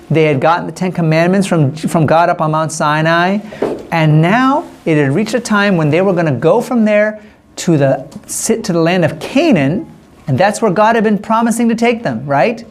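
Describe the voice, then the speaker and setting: High-voiced man telling a Bible story to kids. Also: moderate pace. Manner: lively, asks children questions. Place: church children's class.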